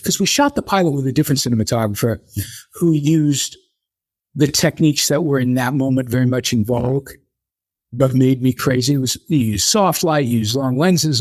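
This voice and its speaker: An older man, a guest in an interview, telling animated stories and acting out the people he quotes. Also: medium pitch, no echo, studio quality. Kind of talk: conversational interview storytelling.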